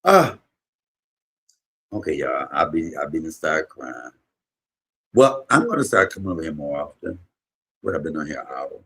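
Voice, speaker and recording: A man in his fifties, a comedian streaming a casual chat and telling emotional, rambling stories with sudden loud bursts. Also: very deep voice, very animated, moderate pace, breathy edge. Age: 50s. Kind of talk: casual livestream chat and storytelling.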